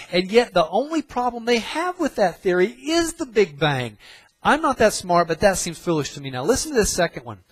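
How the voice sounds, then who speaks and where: A man's voice: sits high, fairly bright tone, no room sound, poor audio. Emphatic male preacher, dry close sound. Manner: emphatic, repeats phrases for stress. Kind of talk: sermon.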